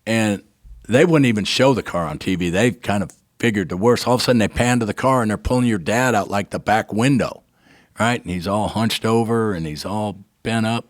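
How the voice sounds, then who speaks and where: Older man, guest storyteller, lowish voice, dry close sound, animated, acts out dialogue. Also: brisk, no echo. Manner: animated narrator, acts out quoted dialogue, keeps asking "right?". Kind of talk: emotional personal storytelling.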